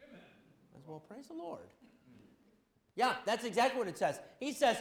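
A middle-aged man preaching a sermon, swinging from loud exhortation to quiet storytelling. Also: extremely high pitch, animated, a little fast, reverberant. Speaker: pastor.

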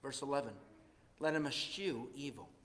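A man preaches to his church with a bright, forceful voice, swinging from loud bursts to hushed asides. His sermon rings through a roomy hall with a long echo behind it. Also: mid-range voice, normal speed. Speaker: pastor.

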